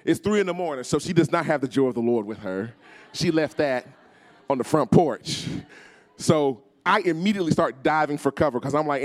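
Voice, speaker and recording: Brief: male guest preacher, animated storyteller, slightly high and very expressive pitch, works the congregation. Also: fairly quick. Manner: animated, acts out voices, calls on the crowd. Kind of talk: storytelling sermon.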